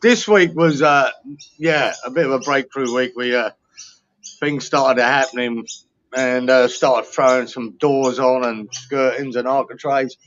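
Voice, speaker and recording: A man's voice: medium pitch, unhurried, fairly bright tone. A tired middle-aged man with a Cockney accent, chatting casually and bluntly with plenty of swearing. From London. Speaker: guest. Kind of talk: casual chat. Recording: dull lo-fi sound with faint noise.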